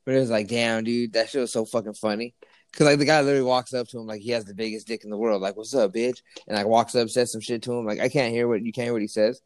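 A man in casual chat, telling a story in an animated, profane way with lots of fillers. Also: medium pitch, fast talker, no room sound.

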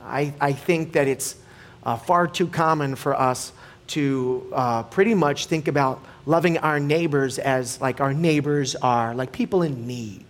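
A man preaching a relaxed sermon as a pastor, telling stories casually with frequent restarts and growing animated in anecdotes. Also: medium pitch, measured pace. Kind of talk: conversational sermon.

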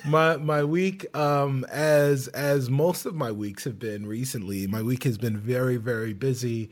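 A man's voice: mid-range voice, unhurried. A man from Chicago co-hosting a podcast, talking in a laid-back, wry, joking way. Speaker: podcast co-host. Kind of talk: casual podcast banter.

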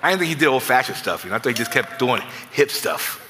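A man preaching as a guest pastor, telling comic stories in an animated, self-mocking, conversational way. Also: mid-range voice, quick pace, in a large hall, a crowd in the background. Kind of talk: sermon with comic storytelling. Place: church sanctuary.

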